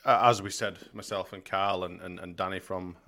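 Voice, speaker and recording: A deep-voiced man co-hosts a casual football podcast. He talks bluntly and swears freely, circling back over his points. His voice sits low throughout. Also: fairly even intonation, moderate pace, sharp tone. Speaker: podcast co-host.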